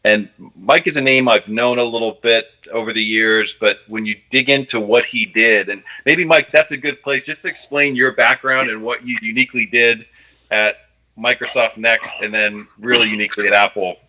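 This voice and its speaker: A man moderating a panel, introducing the next speaker in a halting way with fillers. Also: mid-range voice, fairly even intonation, bright, forceful tone, rough recording.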